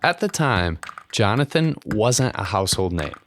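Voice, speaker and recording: A man's voice: lowish voice, normal speed, a little hiss or hum. A man hosting a podcast, narrating a scripted story. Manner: smooth storytelling with a varied, expressive delivery. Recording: narration over a music bed. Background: music.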